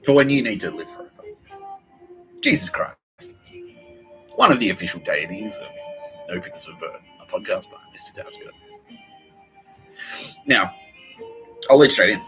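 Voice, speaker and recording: A man hosting his own comedy podcast, rambling and swearing as he thinks out loud. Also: lowish voice, lively intonation, normal speed, pauses often, faint music behind, low-quality recording. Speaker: podcast host.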